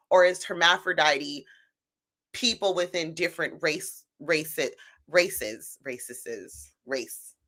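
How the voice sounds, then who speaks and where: A woman streamer with a low-set but bright, forward tone. She riffs sarcastically on the clips she plays and shifts between mock outrage and casual chat. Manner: sarcastic, mocking, laughing commentary. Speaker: stream host.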